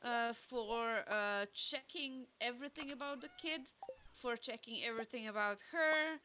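A woman hosting a game stream, chatting casually in a slow and hesitant way. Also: on the high side, bright, forceful tone. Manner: slow, hesitant, laughs often. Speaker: streamer, host. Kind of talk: casual chat. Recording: faint background noise.

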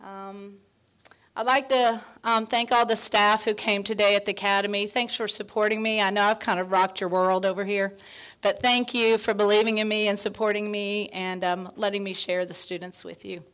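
A woman in her fifties accepts an award, her mid-range voice warm with feeling as she fights back tears. She thanks everyone with soft laughs and plenty of "um"s, sincere and unpolished. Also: mid-range voice, level tone, moderate pace. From Texas. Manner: heartfelt, tearful, with soft laughs and fillers. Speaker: award honoree. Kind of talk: emotional acceptance speech.

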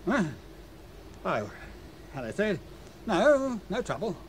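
An actor playing a defensive chief steward in a radio play, arguing with a sailor. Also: male voice, sits high, huge pitch swings, slow pace, slight background noise, exaggerated voice. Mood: evasive. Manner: defensive, accusing. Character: edgy, defensive male ship's chief steward.

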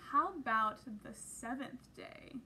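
A woman's voice: fairly high pitch, expressive, slow, noisy background. A woman teaching a children's Bible lesson, upbeat and encouraging, leading the kids in call-and-response. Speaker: Sunday school teacher.

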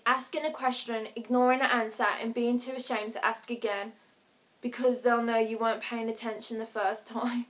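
A woman vlogger chatting casually to camera, giggling often and acting out little awkward scenes with quick voices. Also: on the high side, flat delivery.

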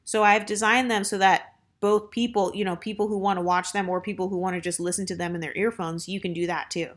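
A woman in her thirties talking casually to listeners in a self-help monologue, chatty and unhurried, with many fillers and a girlfriend-to-girlfriend tone. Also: medium pitch, a bit bright.

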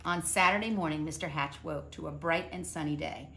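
A woman calmly reading a children's picture book aloud. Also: low voice, brisk, background noise. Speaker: storybook reader.

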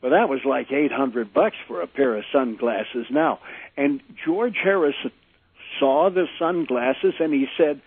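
Older male former DJ guest, animated storyteller, husky tone, dry, phone-line audio. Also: mid-range voice, a little slow, dry recording. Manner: animated anecdote teller, acts out quotes. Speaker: former disc jockey, guest. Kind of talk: storytelling interview. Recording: tinny phone-line sound.

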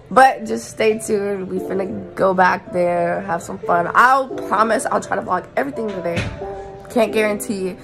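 A woman in her twenties talking casually to her phone camera, slangy and chatty, giving shout-outs. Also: medium pitch. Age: 20s. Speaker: vlogger. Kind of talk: casual vlog chat.

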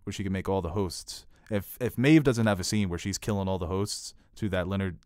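A man with a lowish voice chatting on a podcast, eagerly spinning out long theories. The sound is dry and close, with no room echo. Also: brisk, darkish tone. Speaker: podcast co-host. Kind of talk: casual chat.

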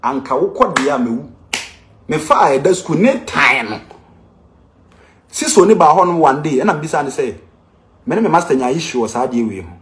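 Animated Ghanaian man, impassioned. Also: on the high side, fast, a little hiss or hum. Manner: emphatic, with repeated rhetorical questions. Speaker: teacher. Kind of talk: impassioned complaint to camera.

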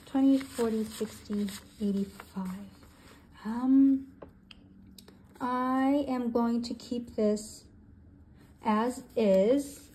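A woman in her twenties, a budgeting channel host, counting cash aloud and thinking out loud as she sorts it. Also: fairly high pitch, very slow, long pauses, slight background noise. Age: 20s. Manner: counts bills aloud in steady runs; thinks aloud, with soft hesitations.

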